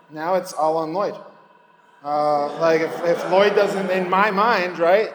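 A man's voice: fairly high pitch, steady tone, normal speed, reverberant, big-room sound, slight background noise, low-quality recording. A man speaking at a recovery meeting, giving a candid personal testimony and rambling between thoughts. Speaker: recovering alcoholic sharing at a meeting.

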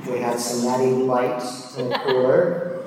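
A man's voice: mid-range voice, fairly even intonation, measured pace, far from the mic, noisy background. Casual man telling his story in an echoey hall. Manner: casual, self-deprecating, many fillers. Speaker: speaker sharing his drinking story. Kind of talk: personal storytelling talk.

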